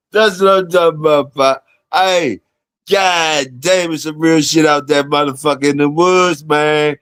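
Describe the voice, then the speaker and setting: Man, slightly tipsy, loose chatty host, somewhat high voice, dry sound. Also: clean tone, no echo. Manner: loose, cussing, laughing, says he is a little tipsy. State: a little tipsy. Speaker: stream host. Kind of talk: casual chat.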